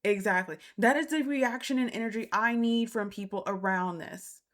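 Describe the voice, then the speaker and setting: A woman's voice: mid-range voice, moderate pace, fairly bright tone. A woman hosting a casual reality TV recap, talking bluntly and repeating her points for emphasis. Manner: blunt and exasperated. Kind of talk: casual opinionated commentary.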